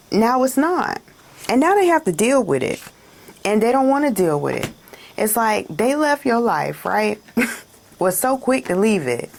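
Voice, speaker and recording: Gravelly-voiced female card reader, chatty and dramatic, laughs a lot. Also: medium pitch, a little mellow. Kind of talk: casual spiritual reading to camera.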